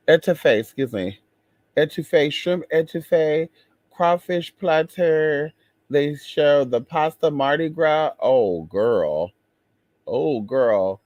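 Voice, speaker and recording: Sassy, lively man chatting. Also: a little high, no echo. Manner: sassy, expressive, exclaims and drawls. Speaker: vlogger. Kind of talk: casual chat to viewers.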